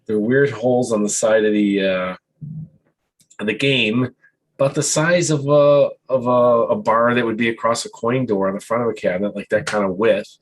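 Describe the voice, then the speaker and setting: A man's voice: medium pitch, fairly even intonation, normal speed, rough recording. A man hosting a podcast, talking in a chatty, self-interrupting way. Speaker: podcast host. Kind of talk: casual chat.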